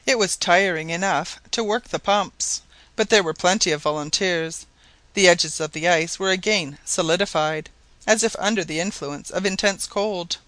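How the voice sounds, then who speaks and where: Brief: male narrator, high bright voice, dry close recording, steady storytelling. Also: moderate pace, no echo. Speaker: audiobook narrator. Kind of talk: scripted narration.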